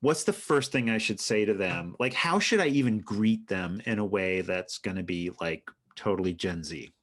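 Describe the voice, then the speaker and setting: A man's voice: lowish voice, lively intonation, normal speed. A man co-hosting a casual comedic podcast chat, playful and mock-earnest, asking about slang. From not from New York. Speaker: podcast co-host.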